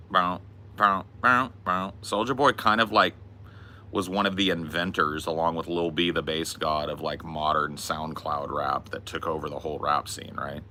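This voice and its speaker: Deep gravelly young man rambling. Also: sharp tone, slight background noise. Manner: loose, rambling, sprinkled with laughs and filler. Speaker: live streamer answering chat. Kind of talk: casual rambling chat. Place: outdoors in hot weather.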